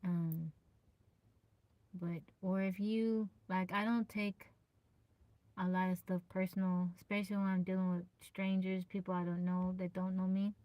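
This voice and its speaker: A soft-spoken, easygoing woman chatting casually with viewers on a live stream. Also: on the low side, level tone, measured pace, no room sound.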